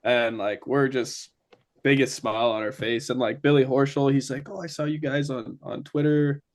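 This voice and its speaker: A man's voice: medium pitch, little pitch movement, moderate pace. A young man from Ontario, telling a story as a guest in casual chat, full of fillers. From Ontario, Canada. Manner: chatty, many fillers.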